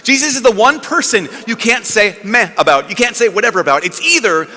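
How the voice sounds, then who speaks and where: A high, bright-voiced man preaches with animated storytelling, jumping into little character voices as he goes. His words ring out through a large reverberant hall, with a faint hiss underneath. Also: a little fast. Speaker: priest. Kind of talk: lively sermon.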